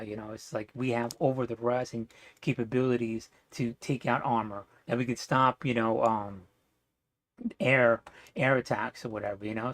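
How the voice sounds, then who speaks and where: A man talks in a loose, rambling monologue, blunt and full of swearing and filler words. His voice sits at an ordinary middle pitch. The sound is dry and close, with no room echo. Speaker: vlogger. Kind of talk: casual opinion monologue.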